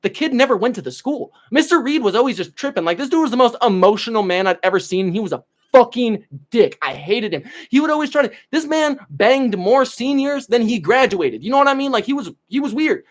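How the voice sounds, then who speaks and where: A man's voice: very high-pitched, animated, fairly quick, hardly any pauses. A young man on a casual livestream, telling stories and answering chat in a profane, rambling way that often trails off into mumbles. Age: young adult.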